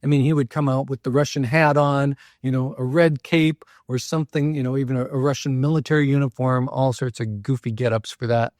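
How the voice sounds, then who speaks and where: A man hosting a local history show tells stories in a relaxed, rambling way, dropping in fillers and small jokes. His voice sits at an ordinary middle pitch. The recording is dry and close, with no room sound. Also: fairly quick, few pauses, no echo. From Minnesota, US. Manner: chatty, loose, frequent fillers and asides. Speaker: local history podcast host. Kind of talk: casual storytelling talk.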